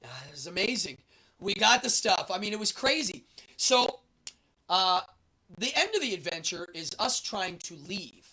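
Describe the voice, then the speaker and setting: A man hosting a show, telling a travel story in a lively, animated way and acting out the voices of the people in it. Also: high voice, moderate pace, breathy edge. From United States. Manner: lively storyteller, acts out the guards' and his own lines. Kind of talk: animated anecdote.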